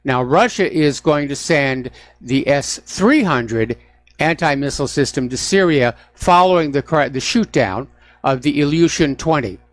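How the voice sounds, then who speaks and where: A man's voice: a little high, expressive, measured pace. A man hosting a political call-in radio show, talking through the news with sarcastic asides. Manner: sarcastic, mocking blustery officials. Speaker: radio talk show host. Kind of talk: political talk radio monologue. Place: radio studio.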